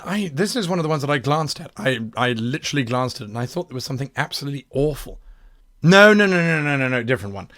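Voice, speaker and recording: A man running a workshop as a game master, critiquing adventure submissions in a quick, wry, self-mocking way. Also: medium pitch, a bit bright.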